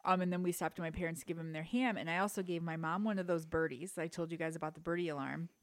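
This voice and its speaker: A woman's voice: deep voice, steady tone, fast talker, no room sound. A young adult woman co-hosting a podcast, chatting casually and acting out quoted lines as she tells a story. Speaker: podcast co-host. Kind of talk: casual chat.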